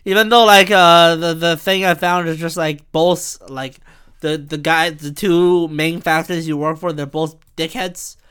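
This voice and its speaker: A man hosting a rambling solo podcast, animated and profane, who often bursts into shouting. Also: a little high, a little slow, smooth. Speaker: podcast host and stand-up comic.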